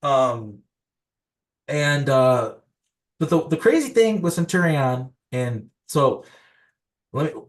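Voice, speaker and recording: A man's voice: on the high side, sing-song, takes it slowly, pauses often. A young man from the United States, a podcast guest, telling conspiracy stories in a rambling way, full of fillers and restarts. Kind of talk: casual conspiracy storytelling.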